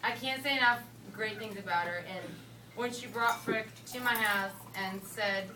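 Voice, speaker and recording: A young woman from Connecticut giving a casual, joking rehearsal dinner toast, rambling with playful slang and quick asides. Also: mid-range voice, noisy background. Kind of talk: casual joking speech to a crowd. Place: dinner hall with guests. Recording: roomy hall from a distance, loud crowd.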